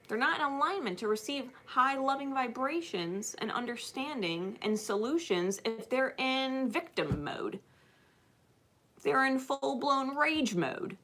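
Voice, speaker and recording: A woman giving spiritual advice to her viewers in a blunt, profane, impassioned monologue that swings from loud to hushed. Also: sits high, animated, measured pace, a little hiss or hum. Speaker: spiritual channel host.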